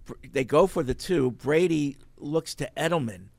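Male podcast host, gravelly voice, dry close sound, relaxed rambling recollection. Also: fairly high pitch, moderate pace, no echo. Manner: relaxed storytelling, trailing off with fillers. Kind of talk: casual sports talk.

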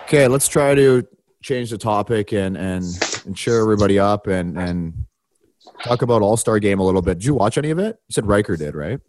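A man co-hosting a podcast, telling a story in a casual, animated way with wide swings in pitch and some casual swearing. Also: brisk, dry recording. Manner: animated, swings his pitch widely when retelling. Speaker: podcast co-host and hockey broadcaster.

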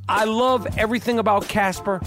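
A man's voice: high-pitched, fairly even intonation, brisk, soft background music. A man hosting a sports podcast and reading an ad, talking in a brash, profane, rambling way that keeps checking in with "okay?". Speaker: podcast host. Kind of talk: sports talk and host-read ad.

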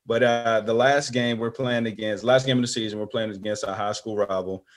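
A middle-aged man telling a story as an interview guest, animated and acting out friends' voices. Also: fairly low pitch, a little fast.

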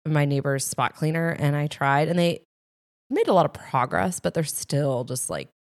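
A woman co-hosting a podcast, chatting casually and telling lively family stories. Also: low voice, moderate pace, no room sound, studio quality. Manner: animated storyteller acting out family moments. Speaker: podcast co-host. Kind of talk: casual chat.

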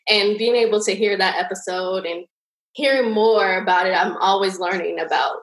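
A woman's voice: mid-range voice, normal speed. Woman listener in an echoey room. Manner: rambling, warm praise with fillers. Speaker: listener guest. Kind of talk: casual chat.

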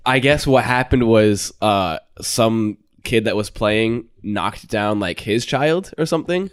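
A young man telling a work story in a relaxed casual chat, full of fillers. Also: fairly low pitch, slow pace, smooth.

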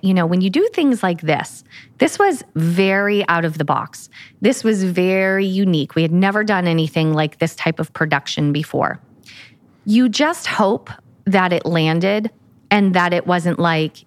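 A woman's voice: lowish voice, no echo. Woman telling a heartfelt story, dry sound. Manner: heartfelt, storytelling, rambling restarts. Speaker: podcast co-host, event organizer. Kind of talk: casual podcast chat. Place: lives in Florence.

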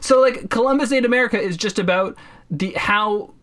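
A man co-hosting a casual podcast, talking in a sarcastic, profane way and jumping into high mocking voices for the people he quotes. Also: fairly quick, a bit bright. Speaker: podcast co-host.

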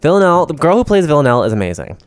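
A man's voice: fairly high pitch, very animated, rapid-fire, dry recording. A man co-hosting a podcast in casual chat, chatty and campy, swearing casually. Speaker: podcast co-host. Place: New York City.

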